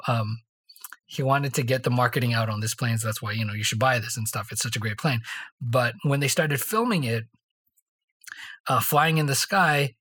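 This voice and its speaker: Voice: medium pitch, a bit bright, breathy edge. Chatty co-host storyteller, mid-range voice, rambling, lots of "right?". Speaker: podcast co-host. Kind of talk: casual faith discussion.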